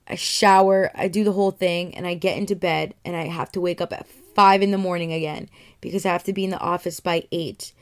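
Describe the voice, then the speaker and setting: A woman's voice: on the low side, fairly even intonation, a little fast, clean tone. A young woman telling a casual, profane story, acting out her own reactions as she goes.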